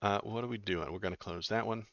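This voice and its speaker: Deep-voiced man hosting a chatty stream. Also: quick pace, fairly bright tone, dry recording, highs cut off. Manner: chatty, reads news aloud and reacts to chat. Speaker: political streamer host. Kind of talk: casual live-stream commentary.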